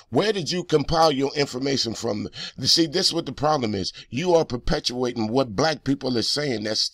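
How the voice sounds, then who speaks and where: A man's voice: medium pitch, fairly bright tone, dry recording, studio quality. A man hosting a reaction video, delivering heated, profane, accusing commentary straight at the person in a clip.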